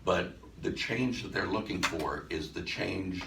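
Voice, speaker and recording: A man's voice: low voice, unhurried, creaky. A man teaching hypnosis, telling a story from a class in a conversational way, with frequent restarts and acted-out dialogue. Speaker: hypnosis instructor. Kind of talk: storytelling lecture to a live audience. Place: event room with a live audience. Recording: echoey room, distant mic, faint noise.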